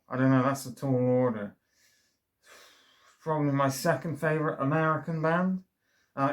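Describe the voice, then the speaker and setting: A man's voice: mid-range voice, fairly bright tone. A man reviewing a vinyl record in a casual monologue, enthusiastic and rambling, full of fillers and restarts.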